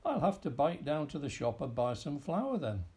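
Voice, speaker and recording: Male reader playing a muttering old farmer, gravelly and lively, storybook grump. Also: a little high, moderate pace, pitched above the performer's own voice. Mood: grumbling. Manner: grumbling, muttering. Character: fussy old male farmer, absent-minded and grumbling.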